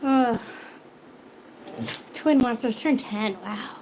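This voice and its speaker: A woman's voice: on the high side, slow, pauses often, darkish tone, a little hiss or hum. A middle-aged woman hosting a cooking live stream, chatting casually, laughing often and answering viewer comments. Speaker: cooking channel host.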